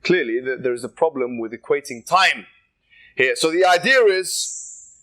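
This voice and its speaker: A man debating in public, laying out his argument in a measured way and building it from examples. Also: mid-range voice, animated, bright, forceful tone, rough recording. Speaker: street debater.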